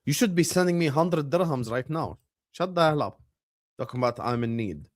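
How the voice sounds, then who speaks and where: Animated young man streaming football. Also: a little high, normal speed. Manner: animated, bursts into loud shouts at match moments, banters with chat. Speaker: streamer hosting a football watchalong. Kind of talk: casual live-stream chat and match commentary.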